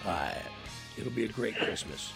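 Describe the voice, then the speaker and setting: A male radio host speaks in a heavily gravelly, mid-pitched voice. He sounds steady and reassuring as he walks a caller through what will be taken care of. Music plays clearly underneath. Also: a little slow. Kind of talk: on-air call with listeners.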